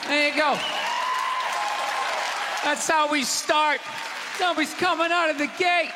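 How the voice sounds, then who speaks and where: A man doing a stand-up comedy set on a theater stage, ranting in a loud, exasperated way. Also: very high-pitched, steady tone, a little slow, background noise. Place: large theater stage with live audience. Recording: live theater recording with long reverb and crowd.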